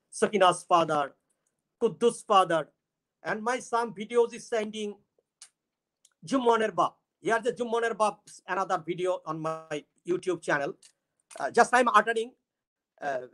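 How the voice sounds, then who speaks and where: A man from Bangladesh with a Bangladeshi accent, giving a casual monologue in halting English and often stopping to search for words. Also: high voice, a bit bright. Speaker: astrologer and YouTube creator.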